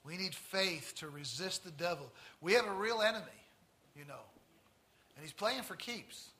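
Bright, tense-voiced male preacher. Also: high voice, normal speed. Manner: emphatic, swings from hushed to loud; stretches out key phrases. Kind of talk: sermon with storytelling.

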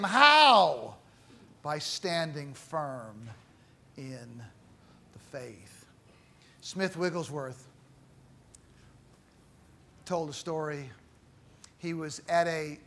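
High-voiced, bright preaching man. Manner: dramatic, swings from loud emphasis to hushed low phrases. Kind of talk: sermon.

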